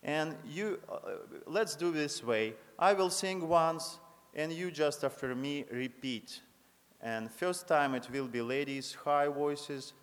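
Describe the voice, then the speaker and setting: A man, a choir director teaching a congregation to sing, speaking in halting, friendly, broken English. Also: on the high side. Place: large chapel. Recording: long hall reverb.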